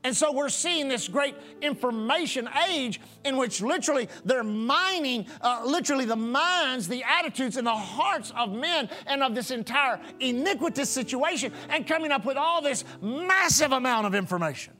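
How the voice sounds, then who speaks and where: A man's voice: very high-pitched, animated, normal speed, hardly any pauses, pushed and bright. A man preaching a sermon as pastor, repeating phrases in a rhythmic cadence for emphasis.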